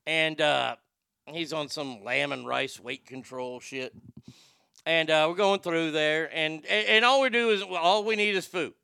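A man's voice: fairly high pitch, unhurried, vocal fry, pushed and bright, smooth, no echo, studio quality. A man hosting a casual talk show, rambling through jokes and profane banter. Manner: loose, joking, profane banter. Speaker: show host.

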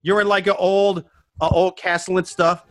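A man's voice: sits high, moderate pace, heavy background noise. A man co-hosting a casual comedy podcast, telling long rambling bits full of swearing and jokes. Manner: rambling, animated storytelling with swearing.

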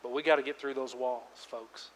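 A man preaching a sermon as pastor, emphatic, swinging between loud outbursts and hushed words. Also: medium pitch, fairly even intonation, a little fast, a little hiss or hum. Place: church sanctuary. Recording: long reverb of a large church hall.

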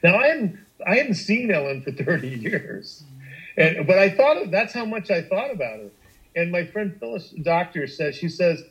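Middle-aged man, slightly high voice, podcast storyteller; emphatic, restless delivery full of restarts and swearing. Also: very animated, normal speed, fairly bright tone, lo-fi sound. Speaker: guest storyteller.

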